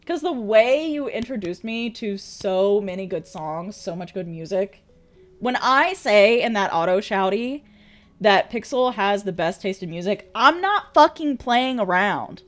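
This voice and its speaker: A woman streamer chatting casually with viewers, bubbly, laughing often and swearing freely. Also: mid-range voice. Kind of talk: casual chat reading viewer messages.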